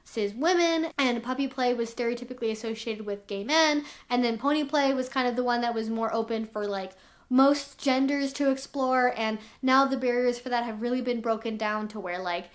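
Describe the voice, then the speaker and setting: A woman's voice: on the high side, normal speed. A young woman vlogging to camera as an educator, explaining herself candidly and with lots of "like" fillers. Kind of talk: talking to camera.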